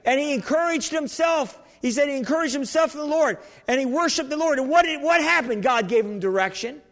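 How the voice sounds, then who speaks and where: A man's voice: very high voice, expressive, fairly quick, a bit bright. A man preaching a sermon, exhorting his listeners with much repetition and many restarts. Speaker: pastor. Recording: long hall reverb.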